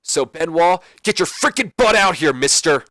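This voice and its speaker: Brief: cocky male pro wrestler, put on by a man, brash and loud, raised pitch, dry sound. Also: moderate pace, dry recording. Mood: boastful. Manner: loud, brash, excitable delivery.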